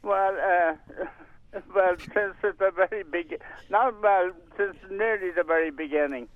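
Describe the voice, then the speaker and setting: A man's voice: sits high, a little slow. An older man being interviewed on radio, talking in a rambling, hesitant way with many fillers and restarts. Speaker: community radio volunteer and presenter. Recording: tinny phone-line sound, dry.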